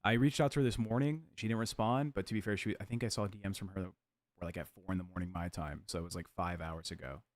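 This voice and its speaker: A man's voice: low voice, fast talker. A man co-hosting a livestream, chiming in with wry jokes and comments. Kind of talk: casual livestream chat.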